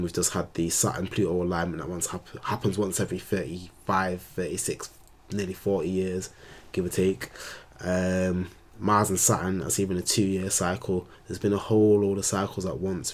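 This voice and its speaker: A man's voice: low-pitched, little pitch movement, a little fast, darkish tone, slight background noise. A man, an astrologer, rambling in slangy casual talk on his vlog. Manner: rambling, slangy, laid-back.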